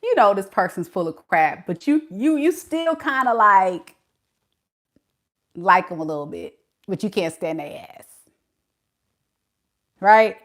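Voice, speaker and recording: A woman's voice: medium pitch, lively intonation, slow pace, long pauses. A woman doing a tarot reading for her viewers, sassy and playful, talking straight to them with slang. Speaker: tarot reader.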